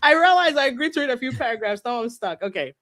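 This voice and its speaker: A woman's voice: high-pitched, animated, fast, fairly bright tone. A woman co-host reads a court filing aloud in a casual podcast. She breaks off for irreverent, giggly asides and swears freely. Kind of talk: casual podcast chat and document reading.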